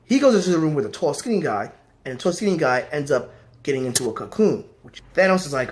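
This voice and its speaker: A man's voice: on the high side, very animated, quick pace. A man vlogging a casual comic book story recap, rambling with lots of fillers. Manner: rambling, many fillers like "you know" and "basically".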